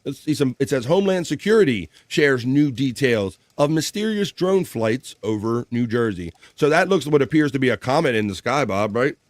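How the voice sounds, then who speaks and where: Male host for a casual live show: mid-range voice, relaxed and chatty, a bit of swearing, dry sound with no room echo. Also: mid-range voice, normal speed, hardly any pauses. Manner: loose and chatty, swears casually, reads viewer comments aloud. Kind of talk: casual live-stream chat.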